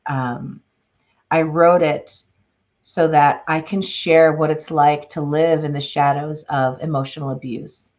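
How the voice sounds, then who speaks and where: Low-voiced Chicago woman, expressive author. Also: lo-fi sound. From Chicago, Illinois. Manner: expressive, animated, laughs often. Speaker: author and guest. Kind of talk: interview conversation and reading aloud.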